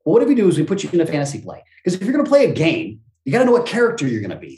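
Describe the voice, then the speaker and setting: Lively middle-aged man, motivational delivery. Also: a little high, very fast, few pauses. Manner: energetic, expansive, motivational speaker's delivery. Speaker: interview guest. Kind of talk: animated conversational interview. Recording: roomy echo.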